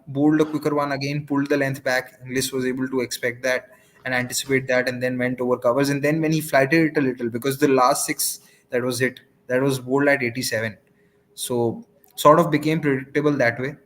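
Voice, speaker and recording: A man giving measured, explanatory cricket analysis on a live watchalong. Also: mid-range voice, level tone, fairly bright tone.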